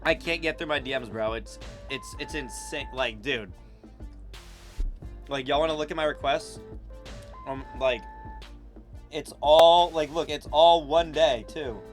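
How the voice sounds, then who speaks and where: A man's voice: on the high side, a little slow, pauses often, faint music behind. A young American man streaming, chatting casually and reacting with loose slang, frequent swearing and laughs. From United States.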